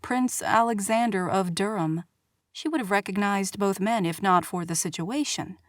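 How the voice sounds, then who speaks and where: A woman reading a romance novel aloud as audiobook narrator, measured and expressive, on a studio mic. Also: medium pitch, no room sound. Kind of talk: scripted narration.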